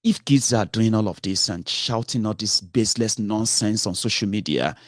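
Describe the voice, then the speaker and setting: A man's voice: lowish voice, normal speed, no echo, clean studio sound. A man giving impassioned political commentary, breaking into exasperated outbursts, repeating himself and restarting his sentences. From Nigeria.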